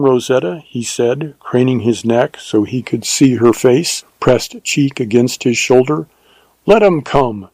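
Warm-voiced man narrating an audiobook. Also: medium pitch, breathy edge, dry recording, low-quality recording.

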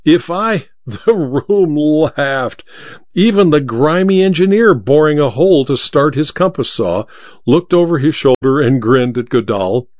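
A man narrating a story as an audiobook reader, with an expressive storytelling manner. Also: fairly high pitch, measured pace, no room sound. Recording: dull lo-fi dry recording.

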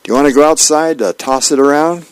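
A man's voice: fast talker, clear, resonant tone, close to an everyday voice. A man voicing a cheerful, eager young boy from a comic strip, read with a chirpy, raised voice. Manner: bright, chirpy, raised pitch.

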